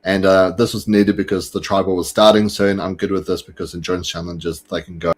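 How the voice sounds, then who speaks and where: Low-voiced chatty male podcast host. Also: level tone, brisk. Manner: chatty, many fillers and restarts. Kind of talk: casual fan chat.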